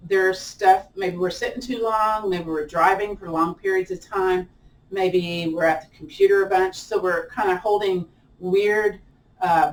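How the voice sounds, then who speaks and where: Woman, American twang, yoga instructor, chatty, playful, distant mic, roomy echo. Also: lowish voice. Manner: chatty and playful, laughs often, self-teasing. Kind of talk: guided chair yoga class. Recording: echoey room, distant mic, faint hiss.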